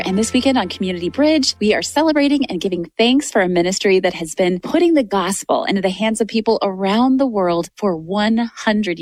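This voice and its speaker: A woman's voice: medium pitch, no room sound. A woman hosting a faith radio program, introducing and interviewing a guest in a polished, affirming manner. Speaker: radio host.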